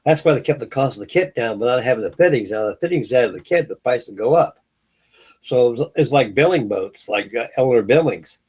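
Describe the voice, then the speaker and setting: A man's voice: medium pitch, animated, fairly quick, darkish tone, slightly rough. A middle-aged man from California hosting a late-night live hangout stream, chatting casually and telling rambling stories full of fillers and restarts. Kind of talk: casual chat.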